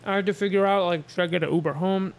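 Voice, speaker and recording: High-voiced man telling rambling stories. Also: steady tone, quick pace, gravelly, a little hiss or hum. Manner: rambling storytelling with restarts. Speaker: podcast co-host. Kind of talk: casual chat.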